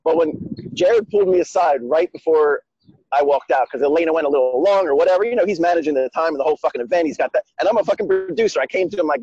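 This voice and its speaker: A man's voice: on the high side, animated, fast talker, dark tone, husky, no echo, dull audio. A man telling a story in a loose, heavily profane, emphatic way. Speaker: guest speaker. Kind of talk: casual conversation.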